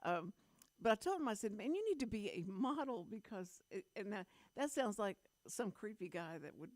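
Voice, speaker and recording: A woman in her fifties hosts a community radio talk show, chatting loosely and laughing often. Her voice sits at a middle pitch. The studio sound is dry and close. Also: lively intonation, normal speed, no room sound. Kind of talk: casual on-air chat.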